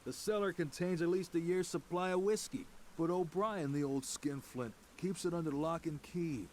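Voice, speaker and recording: An actor playing a gruff, sardonic fisherman in a game, with a put-on accent and a folksy manner. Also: fairly high pitch, normal speed, a little mellow, slight background noise, lightly acted. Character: gruff middle-aged male fisherman. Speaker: game character.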